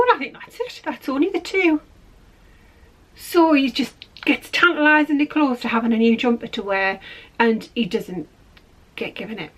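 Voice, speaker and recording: Chatty, rambling woman, slightly high voice. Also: a bit bright, poor audio. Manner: chatty, rambling, self-deprecating. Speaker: podcast host. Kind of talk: casual chat.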